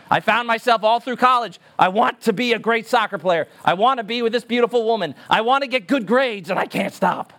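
A man's voice: high voice, a bit bright. A man preaching a sermon as pastor, emphatic and earnest, repeating words for stress.

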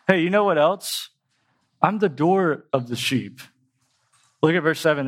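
Conversational male preacher, slightly high voice. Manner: conversational, explains with pop culture examples. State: tickle in the throat. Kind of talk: sermon.

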